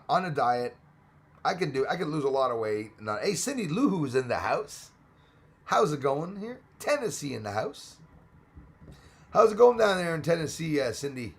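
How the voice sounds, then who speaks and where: A man's voice: medium pitch, a bit bright. A man hosting a casual live stream, chatting with viewers, greeting them by name and laughing often. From Australia.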